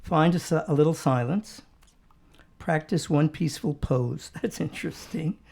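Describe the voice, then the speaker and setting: An older man with a northern US accent chats loosely on a small talk show. His voice sits a touch high but sounds dark and mellow, and he wanders through his stories with frequent chuckles and hesitations. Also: moderate pace, creaky, breathy edge. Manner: rambling, chuckles often, trails off with ums. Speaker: co-host. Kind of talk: casual chat on a local talk show.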